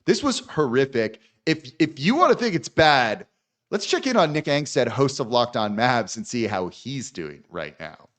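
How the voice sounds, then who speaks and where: A podcast host recapping a basketball game, stammering and exasperated. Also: male voice, medium pitch, sing-song, normal speed, a bit bright.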